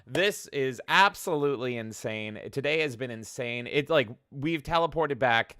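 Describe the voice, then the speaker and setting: A man co-hosting a gaming podcast in a casual chat, excitable and quick to swear, with rapid exclamations. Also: mid-range voice, clear, resonant tone, dry recording, clean studio sound. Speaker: podcast co-host.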